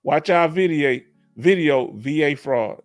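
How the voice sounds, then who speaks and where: A man from Houston with a Texas accent, hosting a casual livestream Q&A through a headset, animated and laughing often with folksy slang. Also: a little high, unhurried, soft background music. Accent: Southern US, Texas. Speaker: livestream host reading chat.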